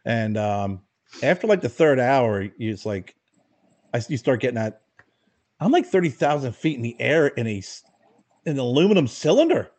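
A male podcast co-host joking in casual chat, often trailing off softly. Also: medium pitch, big pitch swings, moderate pace.

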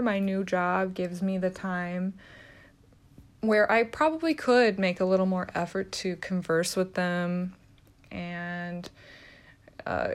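A young adult woman, a nurse, talking in a casual vlog with a sassy, teasing, direct manner. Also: medium pitch.

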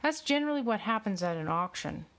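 A woman's voice: medium pitch, lively intonation, fast talker, fairly bright tone, voice pushed up. A woman voicing a dismissive male official in a suit who speaks curtly and scoffs. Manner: curt, scoffing.

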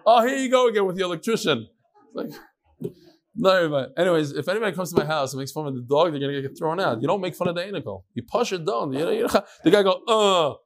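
A man's voice: fairly high pitch, expressive, very fast. A man teaching an informal Talmud class in a room with listeners, chatty, with joking asides and Hebrew and Yiddish terms.

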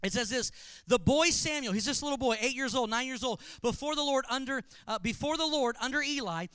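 Pastor, male, high bright voice, smooth and crisp, dry close sound; animated, joking sermon delivery. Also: fairly quick, no room sound. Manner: animated storytelling with humor.

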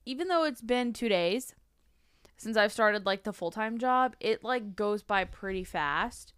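Young female guest, bright and animated, sarcastic teasing chat, dry sound. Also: mid-range voice, measured pace, smooth, dry recording. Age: young adult. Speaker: guest, host's sister. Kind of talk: casual chat.

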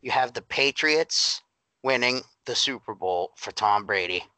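A man's voice: mid-range voice, lively intonation, a little slow, bright, forceful tone, slight background noise, rough recording. A man co-hosting a sports podcast, building his argument with rhetorical questions. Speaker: podcast co-host. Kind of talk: casual sports podcast chat.

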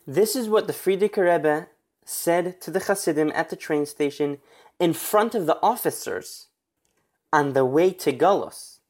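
A man narrating a religious history story in an earnest, steady retelling. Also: fairly high pitch, a little slow.

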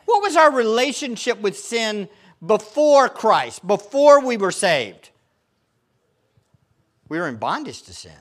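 A man's voice: high-pitched, very animated, takes it slowly, long pauses, a bit bright. A male pastor preaching a sermon, emphatic and fond of putting rhetorical questions to his congregation.

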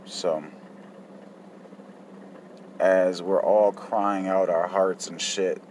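A man's voice: deep voice, level tone, very slow, pauses often, a little mellow, slight background noise. A man telling his childhood story in a casual, profane, reflective way. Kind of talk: personal life story.

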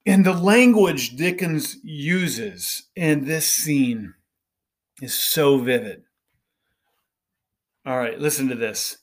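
A middle-aged man delivers a podcast monologue in a slightly raised voice. He speaks slowly and earnestly, with a preachy tone, and often pauses to ask "right?". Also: on the high side, expressive. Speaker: podcast host.

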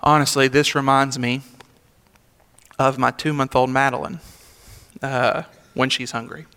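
A man's voice: medium pitch, level tone, unhurried, bright, forceful tone, smooth. A young adult man, a senior pastor, preaching a sermon in a conversational, emphatic way with rhetorical asides. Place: church sanctuary. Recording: long hall reverb of a church sanctuary.

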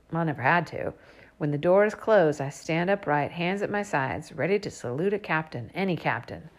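Expressive woman reading a storybook. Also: fairly low pitch. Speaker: audiobook narrator. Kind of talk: first-person storybook narration.

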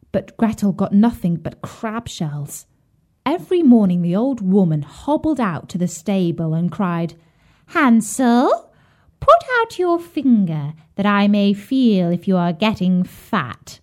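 A woman reading a fairy tale aloud for children, expressive, sometimes dropping to a whisper. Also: mid-range voice. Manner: slow, expressive, drops to a whisper at grim parts. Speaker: storyteller.

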